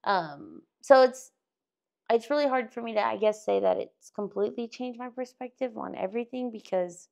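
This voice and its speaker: Woman, gravelly voice, casual podcast talk, animated storyteller. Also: fairly high pitch, normal speed. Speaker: teacher. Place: indoor podcast room.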